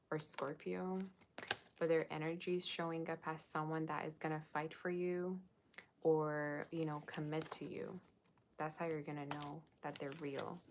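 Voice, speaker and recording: Low-voiced woman chatting through a tarot reading. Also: noisy background. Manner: chatty, with fillers and slang. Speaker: tarot reader.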